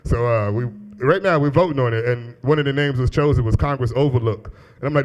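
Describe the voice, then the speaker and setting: Speaking fast in a mid-range voice, he barely pauses. The comedian, a man in his thirties, delivers a loose and profane stand-up set into a handheld stage mic at a small club, ribbing the crowd and laughing at his own material.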